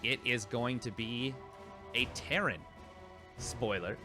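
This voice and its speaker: Over music, an esports caster gives live commentary on a match in a slow, mid-range voice. He rambles, corrects himself, and uses plenty of fillers.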